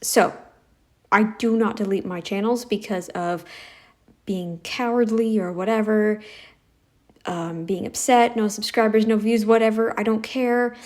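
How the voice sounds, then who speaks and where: A woman's voice: mid-range voice, steady tone, unhurried. A woman giving sarcastic reaction commentary in a blunt, mocking, scornful way, recorded on a phone mic.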